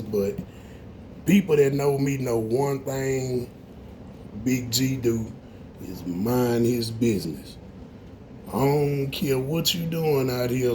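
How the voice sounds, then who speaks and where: A man's voice: medium pitch, darkish tone, a little hiss or hum. A man, an auto shop owner, giving a blunt, profane morning talk to camera that grows heated.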